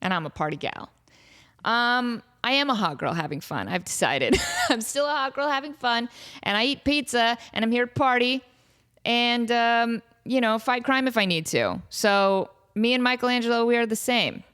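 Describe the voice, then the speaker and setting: At home near Las Vegas, a woman in her thirties hosts a podcast, casually joking through fan questions with many fillers and asides. Her voice is fairly high, expressive, fairly bright, clear and resonant, at a moderate pace.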